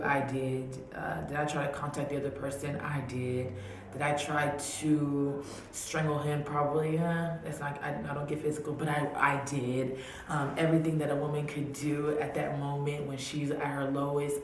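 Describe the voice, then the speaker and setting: A woman vlogger giving an emotional personal testimony, repeating her phrases and sometimes dropping to a hushed near-whisper. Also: deep voice. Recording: very echoey room with faint background hiss.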